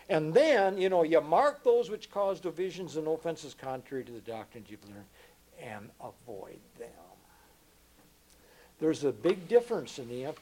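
Older male preacher, emphatic sermon delivery, fairly high voice with wide pitch swings, repeats words for stress. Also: a little hiss or hum, poor audio. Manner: earnest, emphatic, repeats words, swings between loud and hushed.

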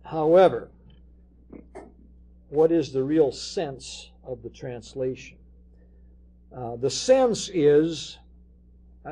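A man's voice: on the high side, warm tone, slightly rough. A man preaching a sermon, explaining scripture and reading verses aloud with emphasis.

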